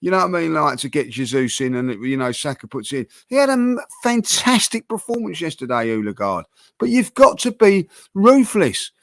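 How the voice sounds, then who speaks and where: The host of a football fan channel leads a casual debate with his co-hosts, speaking passionately and animatedly, with many fillers and restarts. His pitch is fairly high and his pace moderate. The recording is dry.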